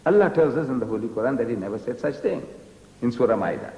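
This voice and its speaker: An older man from South Africa makes his case in an interview, forceful and repetitive, his voice swinging up and down with lively emphasis. His tone is warm and mellow. The old television recording sounds dull and echoes with a long, roomy reverb. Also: medium pitch, quick pace. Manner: emphatic, repeats rhetorical challenges. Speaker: guest lecturer. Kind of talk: interview answer, preaching argument.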